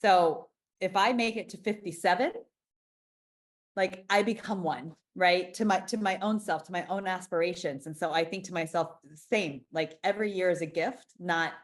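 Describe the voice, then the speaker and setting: A woman's voice: fairly low pitch, normal speed. A woman in her forties, an interview guest talking frankly and emphatically, often restarting her sentences. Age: 40s. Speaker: interview guest, business founder. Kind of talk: candid conversational interview.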